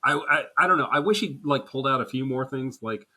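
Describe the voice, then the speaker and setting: A man's voice: mid-range voice, quick pace, pushed and bright. A man co-hosting a casual chat podcast, laughing often and acting out quotes as he talks. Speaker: podcast co-host.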